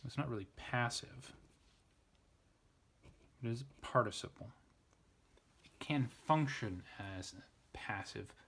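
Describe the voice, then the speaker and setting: A man giving an informal Latin grammar lesson, thinking aloud, often restarting and correcting himself. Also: lowish voice. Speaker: Latin tutor.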